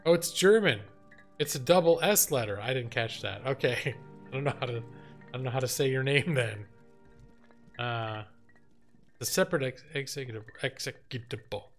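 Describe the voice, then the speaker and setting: A man's voice: medium pitch, normal speed, pauses often, faint music behind. A young man hosting a live game stream, chatting casually, laughing and reading his chat aloud. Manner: animated, laughing, reads chat and jokes aloud.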